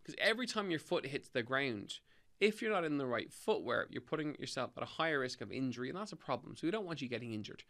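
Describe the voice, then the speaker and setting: Bright, upbeat Irish fitness host. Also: male voice, medium pitch, very animated, fast talker. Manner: emphatic, upbeat, repeats key points. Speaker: podcast host and fitness coach. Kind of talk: solo health-tips podcast monologue.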